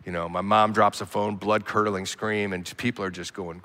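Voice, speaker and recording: A man preaching a sermon as a pastor, telling stories with animated emphasis and quiet asides. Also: on the low side, normal speed. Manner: animated storytelling, swinging between loud emphasis and quiet asides. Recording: long hall reverb.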